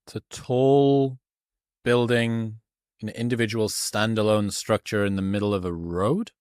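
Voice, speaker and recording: A man's voice: lowish voice, steady tone, unhurried, a little mellow, clean tone, dry recording, studio quality. A man hosting a podcast, thinking aloud and searching for his words. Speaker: podcast host. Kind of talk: conversational podcast interview.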